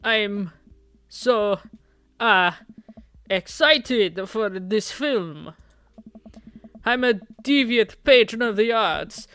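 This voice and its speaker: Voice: mid-range voice, sharp tone, smooth, dry recording, studio quality, heavily acted. A streamer voicing a dramatic, nervous gothic young man with archaic, overwrought phrasing.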